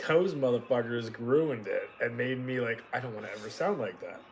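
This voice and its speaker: A man's voice: mid-range voice, creaky, a little hiss or hum, low-quality recording. Man telling a story, slight New York accent. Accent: faint New York. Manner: animated storyteller, quick and emphatic. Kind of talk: casual chat on a livestream.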